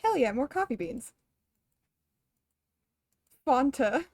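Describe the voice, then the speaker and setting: A woman's voice: sits high, very animated, slow, a little mellow, dry recording. A young woman streaming a game, chatting casually, rambling, laughing often and swearing offhandedly. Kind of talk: casual chat while gaming.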